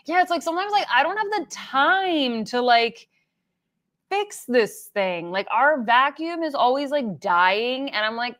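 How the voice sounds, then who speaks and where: A woman's voice: a little high, big pitch swings, measured pace, a bit bright. A young adult woman hosting a casual livestream, chatting loosely and reading viewer comments aloud with plenty of fillers. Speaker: livestream host.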